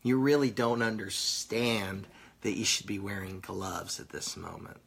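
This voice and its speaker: Gravelly, slow-talking stoned man. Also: on the low side, fairly bright tone. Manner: crude, rambling, joking, laid-back. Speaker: vlogger reading live comments. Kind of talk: casual live-stream chat.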